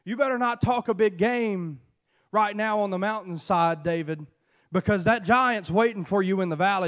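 A man preaching a sermon in an animated, storytelling way, acting out dialogue from the story. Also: sits high, normal speed.

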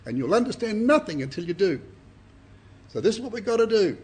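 A man's voice: high voice, big pitch swings, a little fast, a little mellow, breathy edge. An older man, giving an earnest, emphatic Bible sermon to a congregation and often repeating his words. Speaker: Bible speaker.

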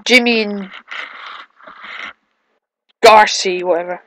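Young guy, excitable let's-play commentary with yelps, unhurried delivery, dry close sound. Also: high-pitched, creaky, no room sound, rough recording. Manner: excitable, yelping and shouting at the game. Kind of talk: gameplay commentary.

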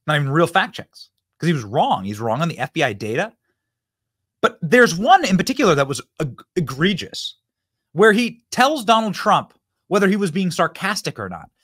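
A man hosting a political commentary show, reacting to news clips in a mocking, emphatic way that swings between loud and quiet. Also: fairly high pitch, very animated, moderate pace, husky, no room sound, clean studio sound. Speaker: show host.

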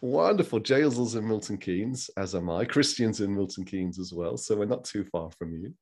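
Male host, from England, low-ish voice, friendly chatter on a video call. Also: expressive, moderate pace, darkish tone, breathy edge. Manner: friendly, laughs often, chatty. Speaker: host of online forum. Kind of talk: casual video call chat.

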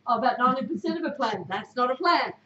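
A woman's voice: high voice, animated, quick pace, bright, forceful tone, slight background noise. An Australian woman giving a motivational talk to a sports club, direct and emphatic, often putting questions to her listeners. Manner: direct, emphatic, quizzes the audience. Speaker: guest speaker. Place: club room before a team. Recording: echoey room, dull sound.

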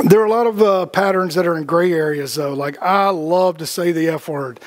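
A man with a fairly high-pitched voice talks at normal speed while leading a casual spiritual group discussion. He rambles, leaning heavily on fillers and dropping the odd swear word.

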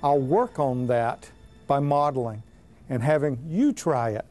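A man's voice: mid-range voice, animated, a little slow, a little mellow, soft background music. A man giving assured, plain-spoken explanations in an interview as a reading intervention expert.

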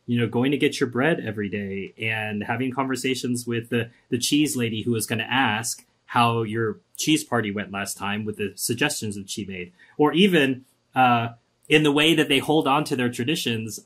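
An American man, a podcast guest, talking in a lively, emphatic and wry way in a casual interview. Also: mid-range voice, moderate pace. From United States.

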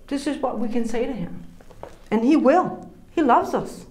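A woman's voice: a little high, animated, measured pace, darkish tone. A woman preaching an informal sermon, earnest and conversational, laughing often as she teaches. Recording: roomy echo.

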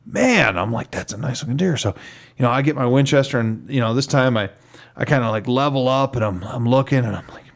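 This podcast co-host has a medium-pitched voice and talks quickly. He rambles through a long, casual story, animatedly acting out the voices of the people in it.

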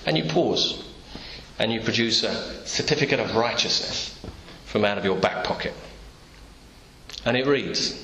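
Preaching in an echoey church room with faint ambience and slight background noise, a man tells the story through imagined dialogue. His voice is fairly low, expressive, and sharp, and his pace is measured.

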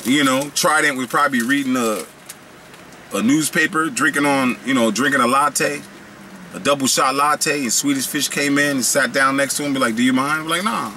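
A man's voice: medium pitch, steady tone, moderate pace, bright, forceful tone, a little hiss or hum. A man casually reviewing snacks in a vlog, slangy and playful, riffing and rambling as he goes.

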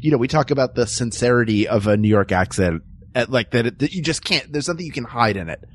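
A man's voice: medium pitch, expressive, fast talker. A man co-hosting a podcast, easygoing and chatty, riffing with comic voices. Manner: easygoing, does comic voices in his riffs. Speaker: podcast co-host. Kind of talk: casual chat.

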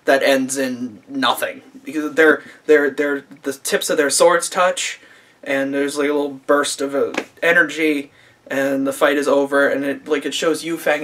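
A man's voice: on the high side, flat delivery, normal speed, a bit bright. Sarcastic man recapping an anime. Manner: sarcastic and profane, laughing often. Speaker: anime reviewer. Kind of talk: casual recap and review. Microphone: camera mic.

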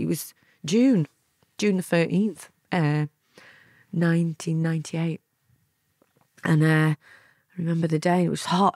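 A woman's voice: fairly low pitch, slightly rough, no room sound, clean studio sound. A woman in her fifties with a Lancashire accent, telling her life story as a guest in a candid interview, chatty and laughing often. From England. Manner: chatty, laughing, acts out quotes.

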